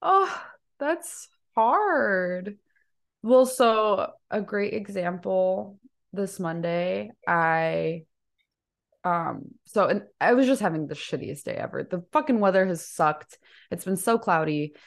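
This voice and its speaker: A woman's voice: mid-range voice, lively intonation, slow pace, gravelly. A young adult woman, a guest musician, telling stories in casual chat with frequent laughs and swearing.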